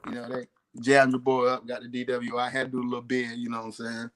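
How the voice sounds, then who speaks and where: A young man with a Southern accent telling a story in casual chat, talking fast with a slurred drawl and lots of fillers. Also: mid-range voice, monotone, fairly bright tone. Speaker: podcast co-host.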